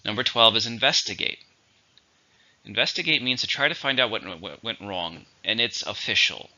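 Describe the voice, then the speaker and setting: A man's voice: on the low side, moderate pace, pushed and bright. A man teaching English vocabulary in a methodical way, saying each word, counting its syllables and giving an example sentence. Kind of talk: vocabulary lesson. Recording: dull lo-fi audio.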